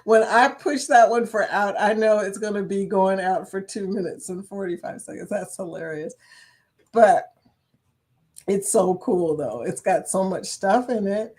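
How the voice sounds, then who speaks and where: A woman hosts a relaxed live chat, greeting viewers by name and laughing often. Her voice sits at a medium pitch. She keeps a friendly, chatty flow. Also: measured pace. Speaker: livestream chat host. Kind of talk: casual live-stream chat.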